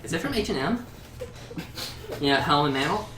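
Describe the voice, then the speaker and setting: A man's voice: on the high side, animated, normal speed, echoey room, very noisy, close to an everyday voice. A man voicing a chatty, squealing young woman who sounds like a valley girl. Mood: excited.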